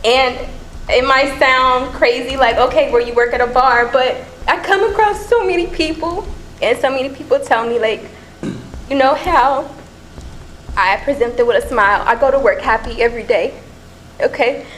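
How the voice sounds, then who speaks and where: A woman's voice: high voice, normal speed, a bit bright, slight background noise, low-quality recording. A woman from Cincinnati giving an emotional, nervous public comment at a council meeting, earnest and pleading. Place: council chamber.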